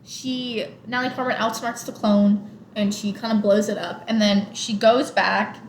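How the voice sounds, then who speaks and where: With a medium-pitched, steady voice at normal speed, a young woman co-hosting a podcast casually talks through a movie. She retells scenes, sprinkling in lots of "like." The room sounds large, and faint noise lingers underneath.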